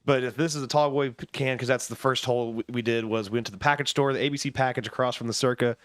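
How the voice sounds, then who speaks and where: A man on a friends' podcast explains a drinking game at a fast clip. His voice sits in the middle for a man, recorded close and dry. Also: mid-range voice, steady tone, dry recording. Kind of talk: casual chat.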